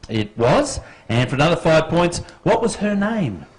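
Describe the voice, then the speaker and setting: Lively Australian man hosting a quiz. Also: a little high, moderate pace, a little hiss or hum, rough recording. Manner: jokey, teasing. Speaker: quiz host. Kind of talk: live quiz show hosting. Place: football club room.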